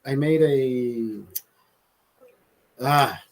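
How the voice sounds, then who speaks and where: A man's voice: medium pitch, drawn-out words. A man hosting a casual livestream, rambling and swearing, laughing often as he talks to viewers. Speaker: livestream host.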